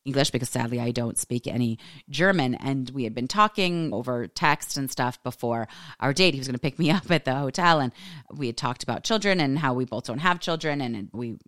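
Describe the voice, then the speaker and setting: A woman in her forties hosting a podcast, telling a funny personal story in a casual, animated way and laughing often. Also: very deep voice, fairly quick, dry recording, clean studio sound. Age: 40s. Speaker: podcast host.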